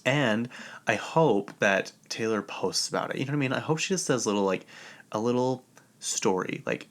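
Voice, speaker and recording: A man hosting a podcast, chatting casually and excitably about pop culture, laughing often along the way. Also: medium pitch, moderate pace. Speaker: podcast host.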